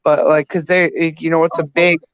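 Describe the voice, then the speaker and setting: A woman's voice: deep voice, level tone, moderate pace, smooth, no room sound, lo-fi sound. A woman in her thirties co-hosting a casual podcast chat, rambling with restarts and fillers. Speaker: podcast co-host.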